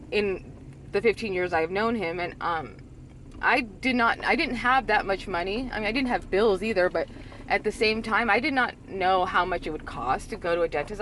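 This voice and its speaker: A woman's voice: mid-range voice, fairly bright tone, a little hiss or hum. A woman in her thirties telling a personal story in a candid, rambling way, full of filler likes. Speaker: vlogger.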